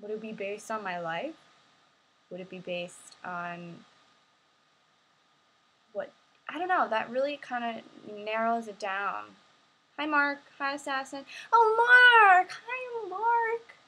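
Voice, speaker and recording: Husky young woman chatting on a livestream. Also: a little high, animated, a little slow, pauses often, sharp tone, low-quality recording. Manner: chatty, giggly, sing-song and silly bursts. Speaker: YouTuber answering live questions. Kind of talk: casual live-stream Q&A.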